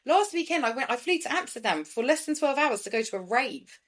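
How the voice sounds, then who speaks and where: A woman in her thirties hosting a podcast, chatting in a blunt, sweary, animated way and laughing often. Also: sits high, brisk. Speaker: podcast host. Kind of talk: casual chat.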